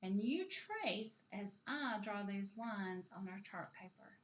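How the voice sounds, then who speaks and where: A woman with a Southern American accent teaching a kindergarten video lesson, speaking slowly and encouragingly and stretching sentences out word by word. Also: mid-range voice, big pitch swings, slight background noise. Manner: slow, drawn-out, encouraging, claps words aloud.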